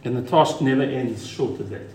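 A man preaching a sermon as pastor, emphatic, repeating key words and dropping to a quiet voice for stress. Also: mid-range voice, moderate pace, echoey room, slight background noise.

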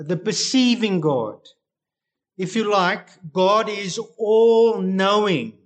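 A man delivering an expository sermon in a notably high voice. He speaks slowly and deliberately, and he stresses key words with emphasis. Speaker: preacher.

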